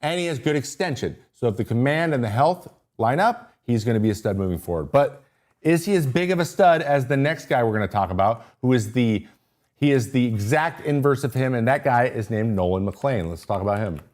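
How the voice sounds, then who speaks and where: Animated, easily sidetracked male host. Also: medium pitch, fairly quick. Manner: excitable, easily sidetracked, self-interrupting. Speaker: podcast host breaking down pitchers. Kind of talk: casual livestream analysis.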